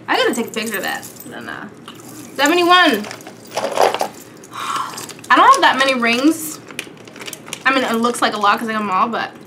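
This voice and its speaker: Sassy high-voiced woman vlogger. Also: expressive, moderate pace, pauses often, background noise. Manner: playful, sassy, calls viewers darlings and girls, swears casually. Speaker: beauty vlogger. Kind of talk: casual chat.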